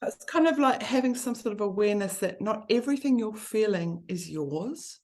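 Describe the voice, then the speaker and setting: A woman's voice: medium pitch, expressive, moderate pace, a little mellow. A woman, speaking earnestly and from the heart in a conversation about grief. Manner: earnest and heartfelt, speeding up when listing.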